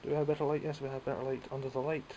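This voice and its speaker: A man's voice: mid-range voice, level tone, very fast, noisy background. Rambling Scottish man showing toys. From Scotland. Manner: chatty, rambling, self-mocking. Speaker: toy collector vlogger. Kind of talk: casual show-and-tell vlog.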